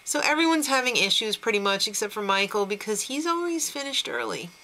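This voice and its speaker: A woman's voice: on the high side, expressive, fairly quick, pushed and bright, slight background noise, rough recording. A woman hosting a casual TV recap show, chatty and opinionated, laughing between remarks.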